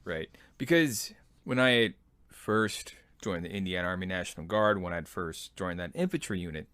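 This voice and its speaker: A man in his thirties, an army veteran, telling his own story as a podcast host in a relaxed, self-deprecating way. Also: low-pitched, smooth, no echo. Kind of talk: personal memoir storytelling.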